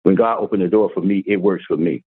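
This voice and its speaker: A man's voice: low-pitched, fairly even intonation, quick pace, husky, no room sound. A man preaching an informal, folksy sermon, telling stories with many restarts and repeats. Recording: tinny phone-like line.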